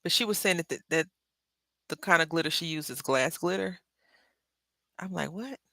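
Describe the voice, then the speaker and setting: A woman's voice: sits low, moderate pace, vocal fry, bright, forceful tone, dry recording. A woman casually chatting to viewers while crafting, rambling and correcting herself as she goes. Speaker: craft livestream host. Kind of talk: casual craft livestream chat.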